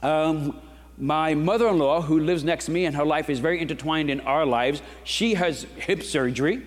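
A man's voice: fairly high pitch, normal speed. A middle-aged man preaching a sermon in a conversational storytelling style, with rhetorical questions to the congregation. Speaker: pastor. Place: church sanctuary. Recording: long reverb of a large hall.

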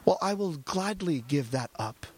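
A man's voice: fairly high pitch, expressive, a little slow. A male pastor preaching a sermon, asking the congregation rhetorical questions and acting out little dialogues.

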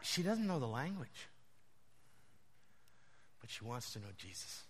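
A man preaching with a bright, forceful tone and a lively, swinging pitch. He tells stories in an animated way and keeps breaking into laughter. The sound rings with the long reverb of a large hall. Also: measured pace, slight background noise. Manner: animated, laughs often while telling stories. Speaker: pastor. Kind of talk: storytelling sermon.

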